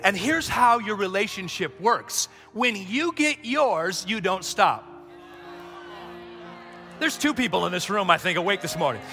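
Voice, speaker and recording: A male pastor with a high, forceful voice preaches with emphasis, calling on the crowd to answer back and pushing to shouts. His voice rings with the long reverb of a large hall, with soft music underneath. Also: expressive, measured pace. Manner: emphatic, call-and-response preaching that builds to shouts. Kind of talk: sermon. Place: church sanctuary.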